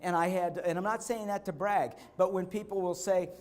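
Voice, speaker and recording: Keynote speaker, man, higher-pitched, lively storyteller who repeats lines for effect and acts out quotes. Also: normal speed. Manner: animated storytelling, repeating key phrases; acts out quotes, bursting into shouts. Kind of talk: motivational conference speech with personal stories. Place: conference stage.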